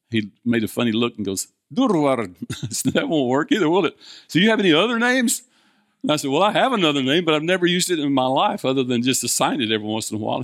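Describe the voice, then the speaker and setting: An older man tells stories from the pulpit in an easy, folksy way, asking his listeners questions and chuckling as he goes. The recording is dry and close, and his pitch sits in a middling range. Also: no echo. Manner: chatty, asks the congregation questions, chuckles often. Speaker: preacher. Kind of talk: folksy sermon storytelling.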